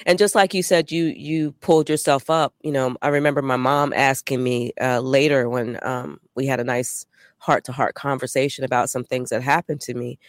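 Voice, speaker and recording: Woman guest sharing her story, measured and earnest, dead dry sound. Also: rumbling low, steady tone, no echo. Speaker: podcast guest. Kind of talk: personal story in interview.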